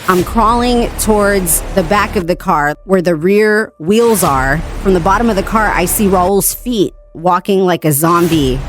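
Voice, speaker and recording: A young woman hosting a podcast, casually and vividly retelling a nightmare and acting out her own shouts. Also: fairly low pitch. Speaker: podcast host. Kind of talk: casual dream storytelling.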